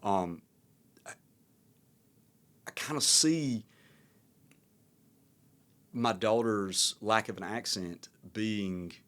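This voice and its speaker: A man in his thirties from the American South with a Southern accent, hosting a podcast and musing in a relaxed, rambling way. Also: fairly low pitch, extremely slow, long pauses. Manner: reflective, rambling, many fillers. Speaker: podcast host. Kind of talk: casual conversation.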